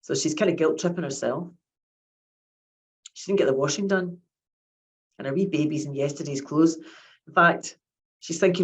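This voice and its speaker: A woman's voice: deep voice, normal speed, pauses often, rough recording. Woman in her 50s doing a chatty psychiatry lecture, repeats herself a lot. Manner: chatty, repeats words, acts out quotes. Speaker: professor of child psychiatry, lecturer. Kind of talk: conversational academic lecture.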